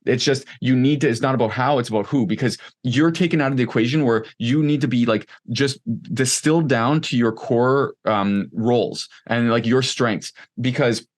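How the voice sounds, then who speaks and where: A man's voice: mid-range voice, moderate pace, hardly any pauses. Rambling man with lots of fillers. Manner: rambling, many fillers like "like" and "um", animated asides. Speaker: podcast guest, online coach. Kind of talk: casual conversational interview.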